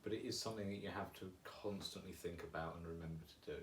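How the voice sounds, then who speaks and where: A man's voice: deep voice, fairly even intonation, rapid-fire. A man co-hosting a casual chat, reading listener questions and adding brief, wry interjections. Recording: roomy, distant mic, faint noise.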